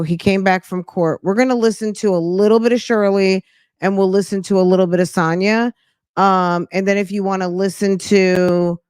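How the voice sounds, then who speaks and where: A woman's voice: medium pitch, darkish tone, clear, resonant tone, no room sound, clean studio sound. A woman hosting a commentary channel, talking casually to her viewers in a chatty, rambling way with many ums and restarts.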